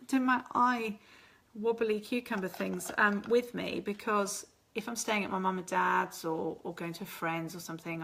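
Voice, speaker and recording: A woman's voice: medium pitch, vocal fry, fairly bright tone. A woman with a chatty, rambling manner, hosting a casual live stream and answering viewer comments. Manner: chatty and rambling, laughs often.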